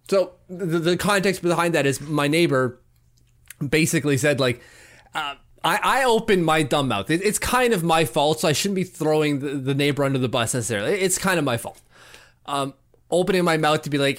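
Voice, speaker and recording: A man co-hosting a podcast, chatting casually and acting out stories with lively voices. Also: a little high, fairly quick. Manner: animated storyteller, acts out voices. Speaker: podcast co-host. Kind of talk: casual chat. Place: lives in Canada.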